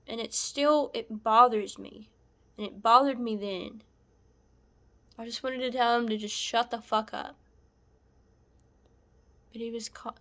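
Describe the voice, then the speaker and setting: A woman recounting a painful personal story in a halting, soft-spoken way, sometimes dropping to a whisper. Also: on the high side, steady tone. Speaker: vlogger sharing a personal story. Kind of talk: emotional personal testimony.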